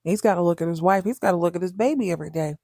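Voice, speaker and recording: A woman chatting casually as a podcast host, animated and acting out lines in different voices. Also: lowish voice, racing, no echo, clean studio sound. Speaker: podcast host recapping a TV drama. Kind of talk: casual chat.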